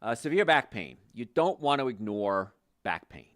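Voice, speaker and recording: A man's voice: medium pitch, sing-song, normal speed, fairly bright tone, no echo, studio quality. An older man, a chiropractor hosting a health show, explaining conversationally with restarts and stressed words. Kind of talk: health talk monologue.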